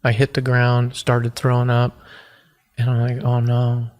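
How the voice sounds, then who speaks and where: A man in his forties from the United States, telling his own hard story on a podcast. He speaks earnestly and haltingly, restarting his sentences often. His voice stays almost completely flat and level, at a middling pitch. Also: clear, resonant tone. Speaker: podcast guest. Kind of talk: personal testimony in an interview.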